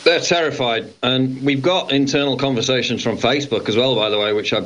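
A man's voice: mid-range voice, a little fast, a bit bright, a little hiss or hum. A man co-hosting a political talk show, explaining steadily and reading out quotes. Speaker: co-host. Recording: dull lo-fi line.

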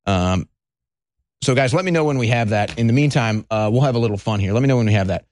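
A male talk show host rambles through political commentary in an easy, conversational way and speaks directly to his listeners. His voice sits at an ordinary middle pitch. The sound is dry and close, with no room in it. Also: fast, darkish tone, no echo.

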